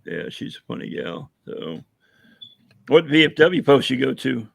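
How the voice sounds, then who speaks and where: A hoarse man chatting casually on a livestream as a veteran guest, rambling with many fillers and telling jokes. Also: medium pitch, sing-song, unhurried, a bit bright, no room sound. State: hoarse, losing his voice. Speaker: veteran guest running a coffee business.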